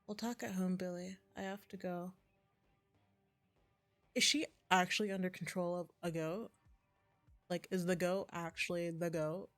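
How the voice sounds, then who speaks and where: A woman's voice: lowish voice, steady tone, a little slow, long pauses, fairly bright tone, faint music behind. A woman streaming a game, reading the dialogue aloud between chatty asides. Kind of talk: casual gameplay commentary.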